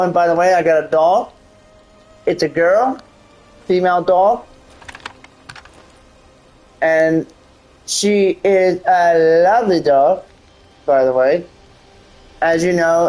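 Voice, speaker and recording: A man's voice: on the high side, slow, long pauses, a little mellow, faint music behind, rough recording. A man hosting his own gaming channel, talking casually over his gameplay, hesitant and full of restarts.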